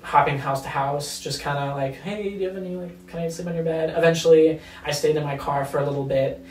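A man's voice: a little high, fairly even intonation, quick pace, a little hiss or hum. Swearing young man telling a story. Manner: loose, profane, hesitant with fillers. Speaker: podcast guest. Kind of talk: casual storytelling chat. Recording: roomy and distant from mic.

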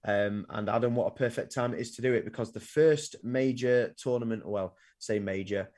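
Young dude hosting a sports pod, lowish voice, lots of ums, trails off. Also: male voice, moderate pace. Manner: rambling, filler-heavy, trails off quietly. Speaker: sports podcast host. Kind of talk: casual sports chat.

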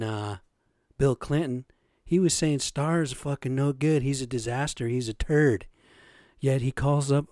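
A man's voice: mid-range voice, darkish tone, no echo, studio quality. A man hosting a podcast, ranting in an agitated, profane way and firing off rhetorical questions. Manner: rhetorical questions with repeated "you know" and "right". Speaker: podcast host. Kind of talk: solo podcast rant.

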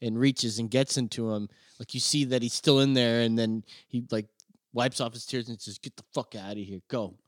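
A man's voice: mid-range voice, fairly even intonation, normal speed, no echo, clean studio sound. A man chatting casually as a co-host, chiming in with jokes and comments about a film. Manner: jokey, chimes in with bits. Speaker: podcast co-host. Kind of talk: casual chat.

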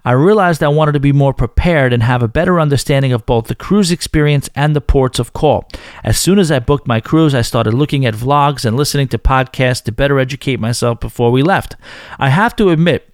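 A podcast host with a Northern New York accent speaks at medium pitch, briskly and smoothly, in clean studio sound with no room echo. He chats casually and self-deprecatingly, reading listener emails but constantly breaking in with asides.

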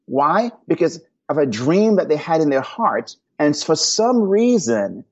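Earnest husky-voiced man telling stories. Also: on the high side, sing-song, measured pace, highs cut off. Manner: earnest, preacherly storytelling. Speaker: guest. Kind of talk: podcast interview answers.

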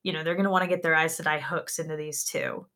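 A woman's voice: low-pitched, steady tone, quick pace, sharp tone. A woman co-hosting a podcast in casual chat, talking animatedly with lots of filler words. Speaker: podcast co-host.

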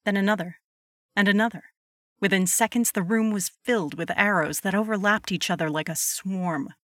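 A woman narrating a scripted horror story at a measured pace. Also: mid-range voice, no echo, clean studio sound.

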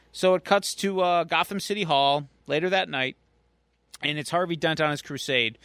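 Clear-voiced man recapping a story. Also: fairly high pitch, normal speed, a bit bright, no room sound. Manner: chatty storyteller, acting out quotes. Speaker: podcast co-host. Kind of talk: casual recap of a comic story.

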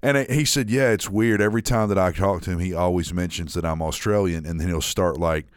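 A man's voice: deep voice, fairly quick, smooth, no room sound, studio quality. A man with a slight Southern American drawl telling stories in casual podcast chat, rambling with restarts. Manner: rambling storyteller, many restarts.

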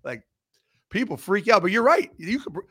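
A man's voice: sits high, very animated, normal speed, sharp tone, slightly rough. A man speaking as a guest on a sports show, blunt and opinionated, swearing a lot. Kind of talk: casual sports talk.

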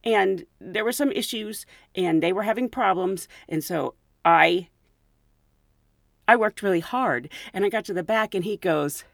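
A woman hosting a podcast, telling stories from her work as a flight attendant in an animated way and often laughing. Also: mid-range voice, a little slow, creaky, no room sound, studio quality. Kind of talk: anecdotal storytelling.

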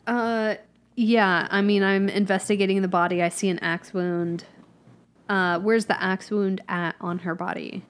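A woman playing a tabletop role-playing game, slowly and thoughtfully describing what her character does. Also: mid-range voice, fairly even intonation. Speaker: player.

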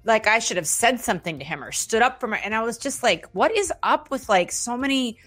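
A woman's voice: a little high, animated, fairly quick, fairly bright tone. Chatty woman host, faint music behind. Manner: chatty, rambling anecdotes with swearing. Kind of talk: casual chat.

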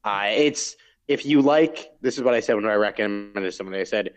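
A man's voice: on the low side, fast talker, lo-fi sound. A man co-hosting a podcast, chatting casually about TV shows he watched, rambling with restarts and asides. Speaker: podcast co-host reviewing TV shows. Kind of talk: casual chat.

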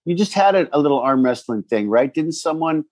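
A man co-hosting a casual chat, loud and profane, laughing as he tells stories. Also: on the high side, lively intonation, a little fast, dry recording. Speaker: podcast co-host.

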